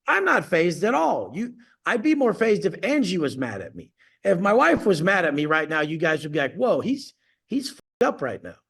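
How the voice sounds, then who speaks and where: A man's voice: high-pitched, very animated, normal speed, gravelly, a bit bright, slightly rough. A man coaching clients on a video call, ranting bluntly and profanely, boasting as he goes.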